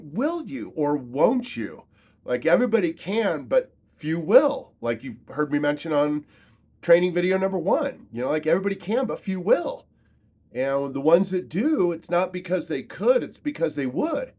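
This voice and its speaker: A man's voice: on the high side, very animated, normal speed, darkish tone, slightly rough. A man giving a motivational talk as a trainer, emphatic and repetitive, with casual slang.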